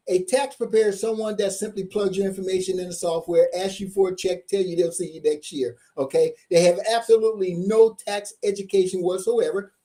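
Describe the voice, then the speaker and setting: A man's voice: high voice, warm tone. A middle-aged man giving a live-streamed seminar as a tax coach, hyped up and asking "okay?" again and again. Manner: hyped-up, repeats "okay?" often.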